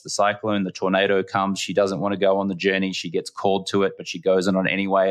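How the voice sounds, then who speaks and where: A very low-pitched Australian man speaking as an interview guest. He tells his stories earnestly and leans on repeated phrases for emphasis, with a reflective, conversational delivery. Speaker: podcast guest.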